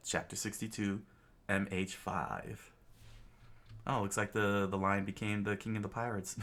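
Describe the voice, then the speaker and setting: A man's voice: low-pitched, fairly even intonation, a little slow, gravelly, fairly bright tone. A man reading a comic aloud in a casual way, with stumbles and chuckling asides. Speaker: comic reader.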